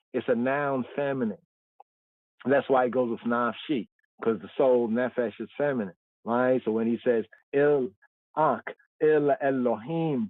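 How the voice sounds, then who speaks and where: A man with a medium-pitched voice teaches scripture on a livestream Bible study, the sound dry and tinny like a phone line. He explains things, repeating words and often saying "right?"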